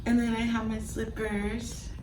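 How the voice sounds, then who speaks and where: A young woman vlogging from a hospital delivery room, talking softly and casually with many fillers while she films on a phone. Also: on the high side, completely flat delivery, a little slow. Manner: chatty, gentle, soft-spoken, with fillers. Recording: echoey room, faint background noise.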